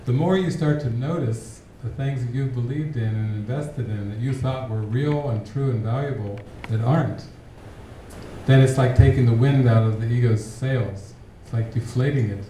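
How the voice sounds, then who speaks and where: Mellow-voiced man teaching in an echoey hall. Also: mid-range voice, normal speed, recorded from a distance, slight background noise. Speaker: spiritual teacher. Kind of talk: spiritual talk with audience question.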